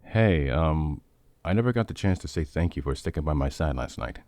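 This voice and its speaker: A man voicing a quiet, serious young man who can summon a monster, soft-spoken and understated, for a fan-made audio story. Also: a bass voice, animated, normal speed, no room sound.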